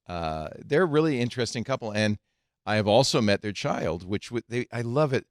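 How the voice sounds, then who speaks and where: A man's voice: mid-range voice, animated, a little fast, no room sound, studio quality. An older man hosting a casual tech podcast, reading headlines aloud and adding joking asides. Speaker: podcast host.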